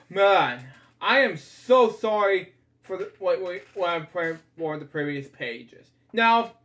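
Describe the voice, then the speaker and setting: Slow, high-voiced man reading a storybook. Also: a bit bright. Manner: stumbling, chatty, breaks off to comment and apologize. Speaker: storybook reader. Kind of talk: casual read-aloud of a children's book.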